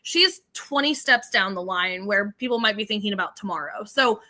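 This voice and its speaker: A woman's voice: medium pitch, moderate pace, bright, forceful tone. A woman co-hosting a podcast, chatting animatedly about a reality show, laughing and acting out quotes. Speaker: podcast co-host. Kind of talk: casual recap chat.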